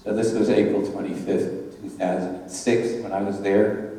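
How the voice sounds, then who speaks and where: An older man giving a public remembrance talk in a measured way, straining when he reads aloud. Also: fairly low pitch, little pitch movement, mellow, heavy reverb, long reverb tail, far from the mic, poor audio. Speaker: speaker at a Holocaust remembrance talk. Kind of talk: public presentation.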